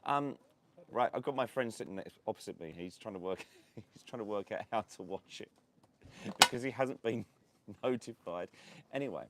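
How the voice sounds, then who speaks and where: A man's voice: fairly low pitch, normal speed, crowd noise. A man hosting a casual live stream from an outdoor beachside cafe, chatting in a rambling way with lots of fillers and frequent laughs. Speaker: host of a property and lifestyle channel.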